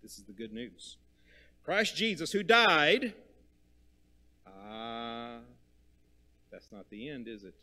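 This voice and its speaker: A man preaching in a church, speaking to a congregation. He leans hard on key words and repeats them, rising loud on some phrases and dropping to a near hush on others. His pitch sits mid-range for a man. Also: sing-song, slow pace, pauses often. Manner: emphatic, repeats key words, swings between loud stress and quiet low lines. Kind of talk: sermon.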